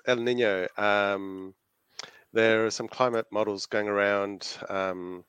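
A man's voice: on the low side, fairly bright tone, smooth, no room sound. A man with an Australian accent co-hosting a casual podcast chat, hesitant and full of fillers, laughing easily. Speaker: podcast co-host.

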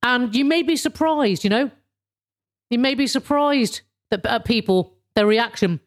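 A woman's voice: fairly high pitch, unhurried. A woman in her fifties hosting a casual solo podcast, chatty and rambling, with lots of restarts and swearing. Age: 50s. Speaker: podcast host.

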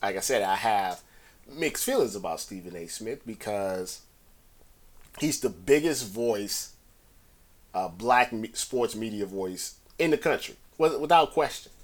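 A podcast host with a lowish voice and lively intonation speaks a little slowly in a casual solo commentary about sports media. He's conversational and talks in circles, pushing his voice upward to stress key points.

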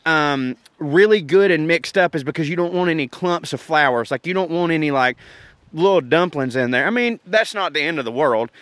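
A man's voice: fairly high pitch, expressive, a little fast, a bit bright, no room sound. A man, hosting a podcast and talking through a recipe in a rambling, folksy, profane, joking way. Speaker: podcast host. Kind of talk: casual cooking talk.

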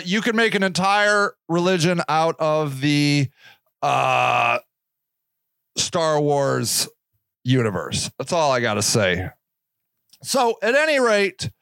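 Rambling, profane solo podcast host, male, high pitched, dry close-up sound. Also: fairly bright tone, no echo. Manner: rambling, profane, self-interrupting.

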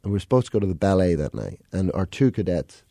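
Male comedian guest from England, warm mellow tone, laid-back rambling storyteller with a self-mocking edge. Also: deep voice, very animated, fast, gravelly, no room sound. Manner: rambling, self-mocking anecdotes with frequent laughs. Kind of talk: casual storytelling in a podcast interview.

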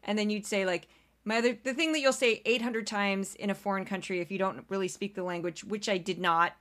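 A woman's voice: medium pitch, fairly even intonation, a little fast, a bit bright. Chatty American woman podcaster. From United States. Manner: chatty and rambling, laughs often. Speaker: podcast host. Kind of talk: casual solo podcast monologue.

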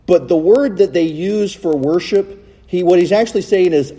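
Man, pastor, sermon, dark tone, husky, church, cell phone recording. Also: sits high, normal speed, in a large hall. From United States. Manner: animated preaching, rising and falling, rhetorical questions. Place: church sanctuary.

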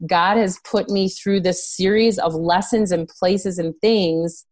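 A woman's voice: lowish voice, fairly even intonation, takes it slowly, a little mellow. A woman as a podcast guest, telling personal stories in an earnest, candid, emotional way with casual swearing. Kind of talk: personal storytelling in an interview.

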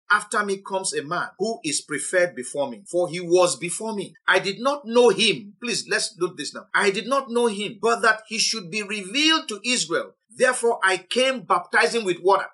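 A high, bright male voice delivering a Bible teaching sermon. He reads scripture aloud and explains it, with a pitch that swoops up and down in strong emphasis. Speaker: preacher.

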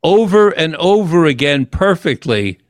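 A man's voice: fairly high pitch, big pitch swings, unhurried, no room sound. An older man hosting an interview and telling a personal story in an earnest, reflective way, often restarting his sentences. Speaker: host.

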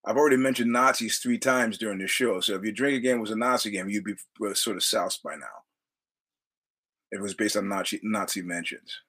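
A man's voice: fairly low pitch, steady tone, a little fast, sharp tone, breathy edge. A man hosting his own podcast, talking in a rambling, digressive way, quoting film lines and laughing often. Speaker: podcast host. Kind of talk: rambling casual monologue.

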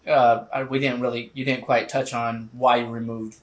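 A man hosting a podcast, asking questions in a halting, casual way with restarts and swearing. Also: mid-range voice, flat delivery. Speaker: podcast host. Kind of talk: casual interview.

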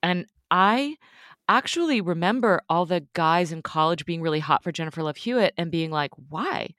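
A woman's voice: fairly low pitch, moderate pace, a bit bright, no room sound, studio quality. Frank, joking woman podcast co-host. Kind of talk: casual podcast conversation.

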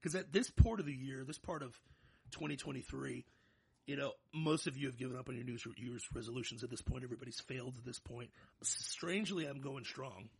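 A man's voice: medium pitch, fairly quick, vocal fry, breathy edge. A man in his thirties co-hosting a podcast, talking casually and animatedly, joking and hyping himself up. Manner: animated, jokey, hypes himself up. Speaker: podcast co-host.

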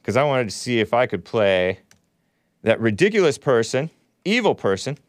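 A man's voice: medium pitch, sing-song, moderate pace, no echo, clean studio sound. A man hosting a call-in talk show, delivering a combative, sarcastic monologue full of rambling asides.

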